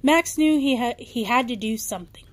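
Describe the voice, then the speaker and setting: A woman's voice: a little high, lively intonation, normal speed. Woman reading a bedtime story. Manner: warm reading with small slips and restarts.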